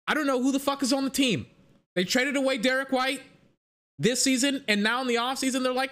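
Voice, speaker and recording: A young man hosting a casual solo podcast, rambling excitedly and swearing casually. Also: very high-pitched, fairly quick. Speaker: podcast host.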